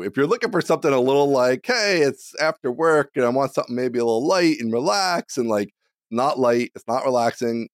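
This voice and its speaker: A man's voice: mid-range voice, no room sound, studio quality. A man co-hosting a casual podcast over a remote call, easygoing and thinking aloud. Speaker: podcast co-host. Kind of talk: casual chat.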